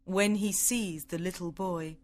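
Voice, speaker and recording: Woman reading a story slowly and clearly. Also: lowish voice, steady tone. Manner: careful, simple, evenly paced reading. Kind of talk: slow, clearly read story for English learners.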